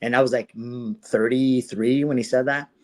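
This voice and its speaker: A man's voice: mid-range voice, moderate pace. A man in his forties, a podcast guest and former fighter, telling his story in a casual interview with lots of swearing and acted-out quotes. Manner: profane, animated retelling with quoted dialogue.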